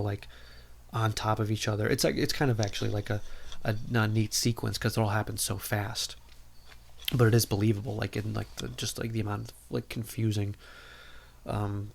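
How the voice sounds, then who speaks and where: A man's voice: on the low side, vocal fry, slight background noise. A man hosting a podcast, recapping a movie plot in a casual, rambling way full of filler words, talking from a room at home. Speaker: podcast host.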